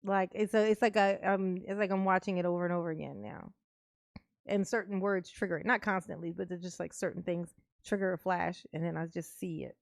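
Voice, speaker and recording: A woman's voice: fairly low pitch, fairly even intonation, a little fast, gravelly, no room sound, studio quality. A woman streamer chatting casually and laughing often as she reacts live and talks to her viewers. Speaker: streamer reacting to a court livestream.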